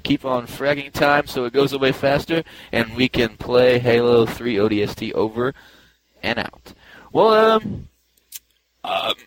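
A man's voice: moderate pace, hardly any pauses, background noise. A man co-hosting a podcast in casual chat, laughing often as he reads listener mail. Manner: laughs often, lively pitch. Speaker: podcast co-host.

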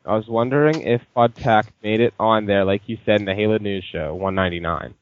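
Easygoing low-voiced podcast guy. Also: fairly quick, clean tone, no echo, narrow, tinny audio. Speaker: podcast co-host. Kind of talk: casual group podcast chat.

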